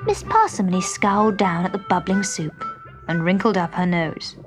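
A woman narrating a children's storybook in an expressive, measured way. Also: on the low side, over music. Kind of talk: storybook reading.

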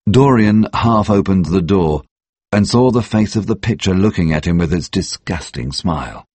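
A man narrates an audiobook in a very deep, husky voice. He keeps a measured, steady pace, and the recording is close and dry. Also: no echo.

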